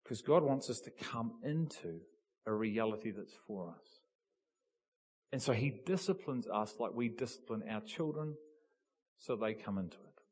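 A man preaching a sermon, telling a story with animated build-ups and emphatic peaks. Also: on the low side, unhurried, slightly rough. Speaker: pastor.

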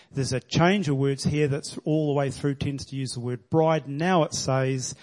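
A man's voice: medium pitch, steady tone, a little slow, darkish tone. Male pastor, mid-range voice, earnest conversational sermon delivery. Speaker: preacher.

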